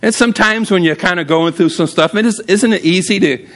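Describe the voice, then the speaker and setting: A man preaching a sermon as pastor, casual and humorous, telling stories and often jumping up high for emphasis. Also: fairly quick, fairly bright tone.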